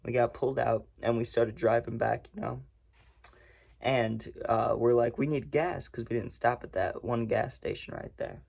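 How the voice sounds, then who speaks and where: Gravelly young man telling a story. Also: mid-range voice, level tone, normal speed, a little mellow. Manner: rambling, profane, laid-back storytelling. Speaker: storytime vlogger. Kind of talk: casual storytelling.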